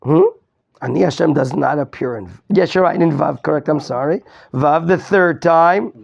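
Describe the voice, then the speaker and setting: A man's voice: on the high side, moderate pace, vocal fry, highs cut off. A male rabbi teaching a Torah class, quizzing his students, repeating his questions and mixing in Hebrew terms. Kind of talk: interactive Torah lesson.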